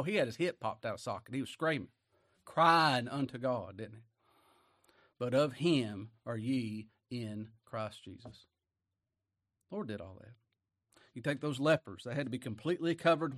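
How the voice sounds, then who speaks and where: Folksy preacher swinging loud and low. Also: male voice. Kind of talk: sermon.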